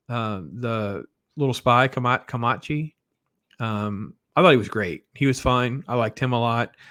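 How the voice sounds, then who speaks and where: A man talks through a film review in a loose, excited way, tripping over restarts and fillers as he goes. His voice sits in an ordinary middle pitch. The sound is dry, with no room echo. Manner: enthusiastic, rambling, many fillers and restarts. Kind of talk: casual spoken movie review.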